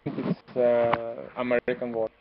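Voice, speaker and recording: A man answers his teacher in an online class, hesitant and full of pauses, laughing easily. His voice stays flat in pitch. The sound is dull and lo-fi over a video call, with faint noise behind it. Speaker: student.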